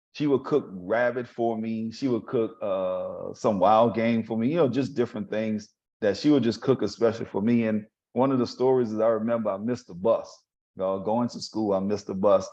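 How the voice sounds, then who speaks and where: A man hosting a podcast, telling heartfelt stories about his grandmothers, laughing often and turning soft and emotional. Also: fairly low pitch, fairly even intonation, moderate pace. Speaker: podcast host. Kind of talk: heartfelt personal storytelling. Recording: slightly dull lo-fi sound.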